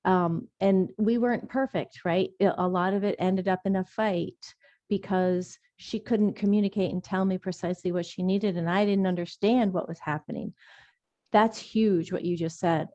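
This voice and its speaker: A woman's voice: on the low side, warm tone, dry recording, lo-fi sound. A woman caregiver speaking earnestly and emphatically in a webinar conversation.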